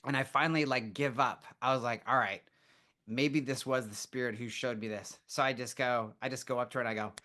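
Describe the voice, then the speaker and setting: A man guest on a podcast, telling stories in a casual, animated way and acting out what people said. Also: medium pitch, a little fast. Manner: animated storyteller, acts out quotes. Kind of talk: casual storytelling interview.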